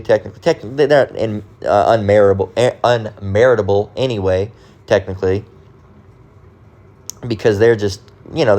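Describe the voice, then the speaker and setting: A man's voice: on the low side, darkish tone. Emphatic, repetitive man ranting. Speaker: commentator. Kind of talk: religious rant monologue.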